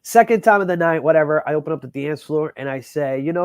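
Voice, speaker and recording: A man working as a wedding DJ tells a story in casual chat. He talks in an animated, profane way and says "bro" and "like" constantly. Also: mid-range voice, normal speed, hardly any pauses, no room sound, clean studio sound. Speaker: wedding DJ guest.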